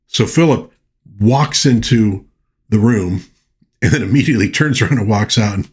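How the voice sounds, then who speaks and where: Husky-voiced man chatting about a movie. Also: fairly low pitch, normal speed. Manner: chatty, animated, lots of you-knows and restarts. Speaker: movie reviewer. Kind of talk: casual retelling of a film plot.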